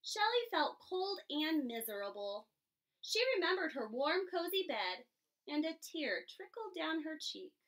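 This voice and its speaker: A woman reading a children's picture book aloud, giving each animal its own expressive voice. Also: high voice, measured pace. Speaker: storybook reader. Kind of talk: children's story read-aloud.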